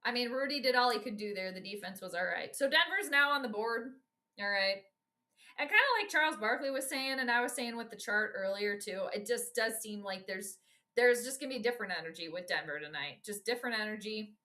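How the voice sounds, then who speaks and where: A woman's voice: mid-range voice, fairly quick, sharp tone. A woman from Minnesota hosting casual live sports commentary, reacting bluntly and with exasperation to each play and talking directly to her viewers. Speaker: host giving live game commentary.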